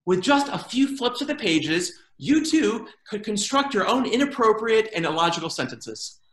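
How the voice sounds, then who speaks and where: Animated man telling jokes, roomy sound. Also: high-pitched, moderate pace. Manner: animated joke-telling with funny put-on quoted voices. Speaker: stand-up comedian. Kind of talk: comedy routine. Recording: roomy echo.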